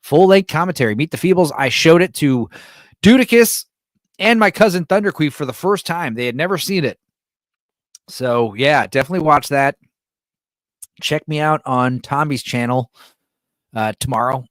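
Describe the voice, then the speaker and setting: A man's voice: medium pitch, no room sound, clean studio sound. A man hosting a late-night livestream, chatting loosely and reading out viewer messages while tired at five in the morning. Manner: loose, rambling, reads and answers chat. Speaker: livestream host.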